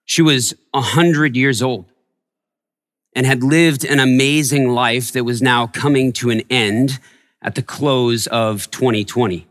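A man preaching a sermon as a pastor, telling a personal story and growing hushed in its tender parts. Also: mid-range voice, fairly even intonation, unhurried, big-room sound. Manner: storytelling, softening to a hush in tender moments. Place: church sanctuary.

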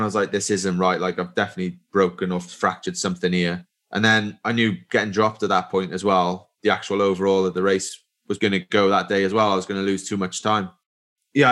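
A man in his thirties, a pro cyclist, telling stories in a relaxed interview chat with lots of fillers. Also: on the low side. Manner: relaxed storytelling with many fillers. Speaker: professional cyclist guest.

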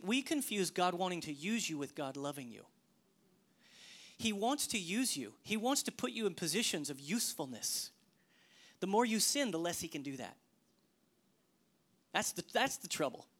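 A middle-aged man delivers a sermon in the manner of a working pastor. His delivery swings from loud, emphatic bursts to hushed, whispered asides. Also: high voice.

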